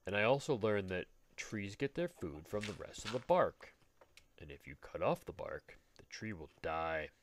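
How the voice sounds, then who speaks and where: Building in a game at home, a Let's Play host rambles and cracks jokes to himself. His lowish voice swings widely in pitch at a moderate pace. The commentary is casual, and there's a little hiss or hum in the recording.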